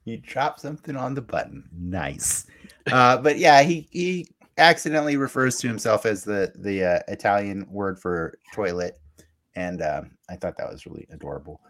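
Guy with a lowish voice rambling thru an episode recap on a podcast, lots of uh and like. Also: expressive, moderate pace, fairly bright tone. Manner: rambling, laughing recap with fillers and restarts. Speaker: podcast co-host. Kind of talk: casual recap chat.

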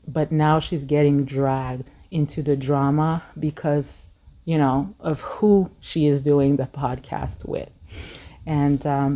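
A woman's voice: deep voice, dark tone. A woman commenting casually to her viewers in a chatty, direct way. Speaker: entertainment commentator.

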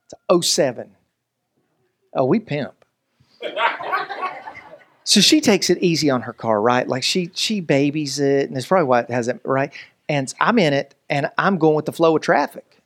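Animated joking male pastor, high voice. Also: normal speed, long pauses. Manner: animated, joking, preacherly delivery with voices and asides. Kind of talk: sermon.

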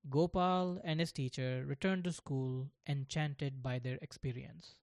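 A storyteller reads a children's tale aloud in a slow, deliberate, scripted way. The voice sits at a middle pitch. The recording is dry and close, with no room sound. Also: fairly even intonation, darkish tone, no room sound.

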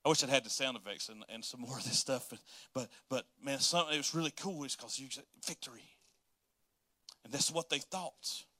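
A man's voice: medium pitch, fairly quick, sharp tone, no room sound. A man preaching a casual, joking sermon, often repeating words as he restarts his sentences.

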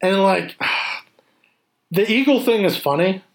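Animated man in casual chat. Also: high-pitched, takes it slowly. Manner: animated, swears freely, acts out scenes.

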